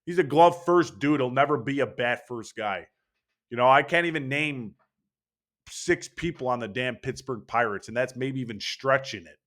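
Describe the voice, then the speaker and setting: A man's voice: medium pitch, normal speed, fairly bright tone. A young man hosting a casual sports opinion monologue, brash and profane, talking with hyped energy. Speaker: baseball channel host.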